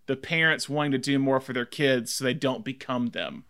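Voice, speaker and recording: A man's voice: mid-range voice, moderate pace, sharp tone. A man co-hosting a casual film podcast, talking enthusiastically in long rambling stretches full of fillers. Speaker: podcast co-host.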